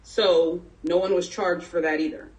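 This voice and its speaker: A woman's voice: fairly low pitch, fairly even intonation, normal speed, darkish tone. Woman telling a candid story, distant mic. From San Jose, California. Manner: candid, conversational, frequent fillers. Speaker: town hall speaker. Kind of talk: personal story at a town hall. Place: community town hall meeting.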